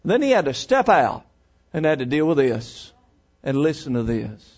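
A man preaching a sermon, folksy and emphatic, swinging between loud and hushed. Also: on the high side, big pitch swings, moderate pace, muffled recording.

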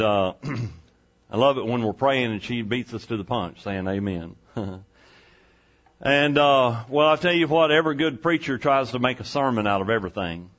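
A man's voice: mid-range voice, fairly bright tone, muffled recording. A male pastor preaching a sermon in a church, folksy and conversational, asking the congregation rhetorical questions. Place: church sanctuary.

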